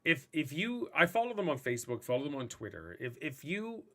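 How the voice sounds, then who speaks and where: A man hosting a casual gaming podcast, ranting in a rambling, animated way. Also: a little high, brisk. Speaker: podcast host and streamer.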